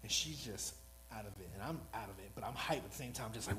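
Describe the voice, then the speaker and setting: A man's voice: fairly low pitch, expressive, fast talker, poor audio. A man preaching a sermon in an earnest, rambling, self-deprecating way, new to speaking before this congregation. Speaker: lay preacher.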